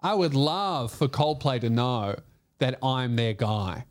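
A man's voice: mid-range voice, animated, slow pace. Joking man in his late twenties. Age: late 20s. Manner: joking, rambling storyteller. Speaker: podcast host. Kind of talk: casual chat.

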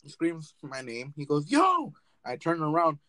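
A man's voice: fairly high pitch, fairly even intonation, normal speed, fairly bright tone, no echo, rough recording. A young man hosting a casual podcast chat, telling stories with lots of swearing and laughter. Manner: storytelling, swears freely, laughs often. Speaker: podcast host.

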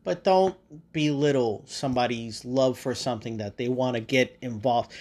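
A man's voice: medium pitch, normal speed, a little mellow. A man hosting a podcast, talking in a casual rambling monologue with lots of fillers, restarts and swearing. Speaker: podcast host.

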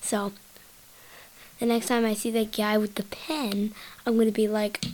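A woman's voice: medium pitch, little pitch movement, measured pace, a little mellow, a little hiss or hum, rough recording. A woman hosting a solo podcast, rambling in a silly, giggly way and jumping from topic to topic. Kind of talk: rambling casual monologue.

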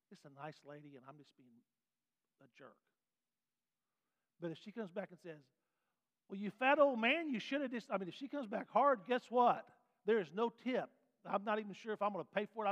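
A man with a high voice teaches a classroom Bible lesson, folksy and animated, often asking the class questions. The sound is dull and muffled. A long reverb trails each phrase, as in a large hall.

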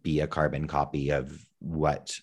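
A man's voice: a bass voice, flat delivery, unhurried, very noisy. A man, a musician and actor, telling stories as a podcast guest in an earnest, self-deprecating way. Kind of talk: casual interview chat.

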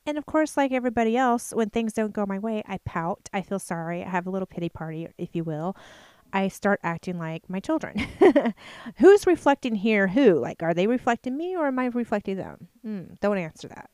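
A woman's voice: medium pitch, animated, a little fast, a little mellow, smooth, dry recording. A middle-aged woman recording a casual devotional talk in her home basement. She acts out both sides of her talks with God and laughs easily.

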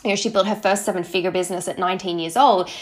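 A woman's voice: mid-range voice, steady tone, very fast. A woman hosting a podcast, giving a casual motivational talk in a chatty, upbeat way and checking in with her listeners as she goes. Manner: acts out her own past thoughts in quotes. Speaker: podcast host, social marketing entrepreneur.

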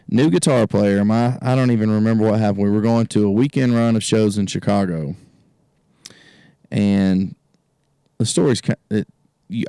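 A man's voice: fairly low pitch, vocal fry, dark tone, clean tone, dry recording, studio quality. A man, a country music artist, telling a road story as a guest in a casual chat, laughing often and acting out the voices of the people in it. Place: outdoor gazebo on a cold evening.

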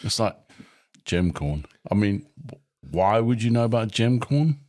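A man's voice: fairly low pitch, very animated, measured pace, a little mellow. A man chatting as a podcast guest, joking and teasing the host. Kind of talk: casual chat.

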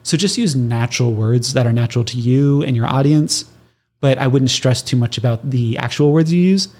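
A man's voice: mid-range voice, normal speed. Chatty Californian man teaching on his podcast. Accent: Southern Californian. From Southern California. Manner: conversational, animated, laughs often, acts out listener reactions. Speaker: podcast host. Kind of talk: casual solo podcast teaching.

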